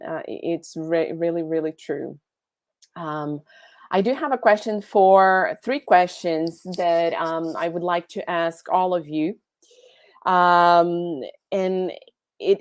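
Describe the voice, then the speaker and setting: A woman moderating a panel on a video call, encouraging and halting, with frequent restarts. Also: fairly low pitch, no echo.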